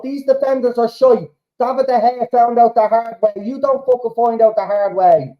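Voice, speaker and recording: A man reacting live to a football match as a fan host, swearing freely and shouting at the players. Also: extremely high pitch, a little fast, few pauses, muffled recording.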